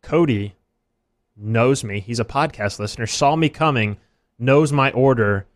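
Animated man hosting a sports podcast. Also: mid-range voice. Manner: animated, quick bursts, self-deprecating. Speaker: podcast host. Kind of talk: casual sports podcast chat.

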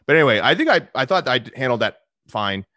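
A man's voice: medium pitch, sing-song, quick pace, pushed and bright, no room sound, clean studio sound. A man chatting casually as a podcast guest, rambling with lots of restarts and fillers. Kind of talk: casual chat.

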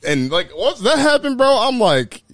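Animated young man telling a story. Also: very high voice, normal speed. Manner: animated, profane, laughing while acting out quotes. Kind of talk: casual storytelling chat.

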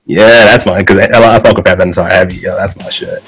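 A man co-hosting a casual podcast chat, riffing loosely and swearing freely, with bursts of excitement. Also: low voice, quick pace, slightly rough, soft background music, rough recording. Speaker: podcast co-host.

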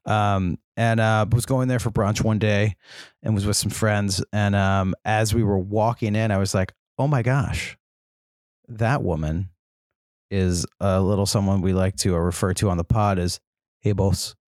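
A man in a relaxed podcast chat, speaking in a low voice. He tells his story in a winding, rambling way with lots of ums. The sound is dry and close. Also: normal speed, smooth, no room sound. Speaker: podcast co-host. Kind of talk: casual chat.

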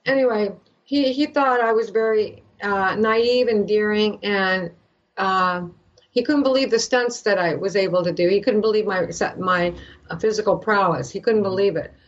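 An older woman from Canada, an actress guest, telling an animated story and acting out the voices of the people in it. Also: medium pitch, moderate pace, lo-fi sound. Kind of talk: animated anecdote in a podcast interview.

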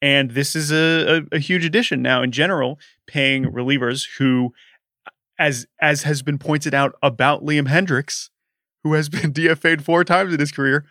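A man co-hosting a casual sports podcast, animated and quick to act out mock quotes. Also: a little high, no echo, clean studio sound. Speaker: podcast co-host.

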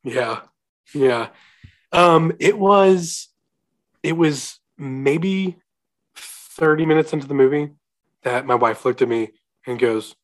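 Animated young man chatting about a movie. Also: medium pitch, slow, long pauses. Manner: animated, laughing, quoting characters. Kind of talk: casual movie chat.

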